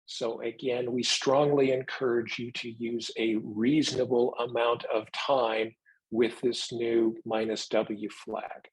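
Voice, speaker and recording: Husky guy presenting a tech talk, slow and careful, explains stuff step by step. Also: mid-range voice, level tone, rough recording. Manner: measured, explanatory. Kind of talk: technical presentation.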